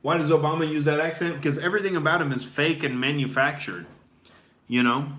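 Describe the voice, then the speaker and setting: Bright-voiced man in a crude comedic rant. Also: on the high side, fairly even intonation, a little fast. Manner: rambling, profane, heavy on filler words. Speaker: comedian host.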